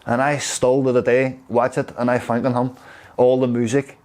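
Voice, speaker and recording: A man from Derry with a Derry accent, telling stories in a rambling, halting way. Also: mid-range voice, little pitch movement, darkish tone. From Derry, Northern Ireland. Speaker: interviewee. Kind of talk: casual storytelling.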